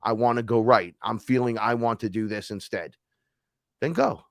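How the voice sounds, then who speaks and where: A man voicing his tall male higher self, a blunt spirit who lectures and swears. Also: moderate pace, creaky, no echo, clean studio sound, close to an everyday voice. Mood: lecturing.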